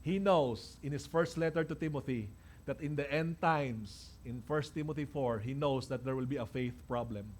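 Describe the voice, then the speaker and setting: A man's voice: mid-range voice, moderate pace, slight background noise. A man with a Filipino accent preaching a sermon, emphatic and repeating key lines, often checking in with his listeners. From Philippines. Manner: mixes Tagalog and English, keeps checking in with the congregation. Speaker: pastor. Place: church.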